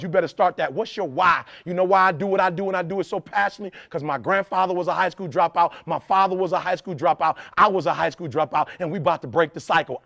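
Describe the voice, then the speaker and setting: A man giving a fiery motivational speech to a football team. He preaches in repeated phrases and swings from shouting to hushed intensity. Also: sits high, gravelly.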